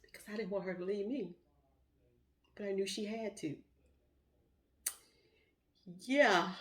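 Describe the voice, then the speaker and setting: A woman's voice: mid-range voice, a little slow, long pauses. A middle-aged woman, telling a heartfelt personal story in a rambling, emotional way with many fillers. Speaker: vlogger.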